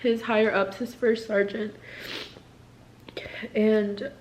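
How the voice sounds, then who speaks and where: A woman's voice: mid-range voice, level tone, takes it slowly, a little mellow, slight background noise. Distressed young woman venting, profane and rambling. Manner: rambling, profane, filler-heavy "like". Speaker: military spouse. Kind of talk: candid confessional vlog.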